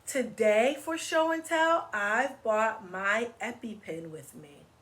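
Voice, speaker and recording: A cheerful, proud little schoolgirl from a read-aloud storybook, as a woman reading aloud puts her on, chirping her lines higher and louder than plain talk. She sounds eager and sure of herself as she speaks to her class. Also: takes it slowly. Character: cheerful young schoolgirl showing her EpiPen.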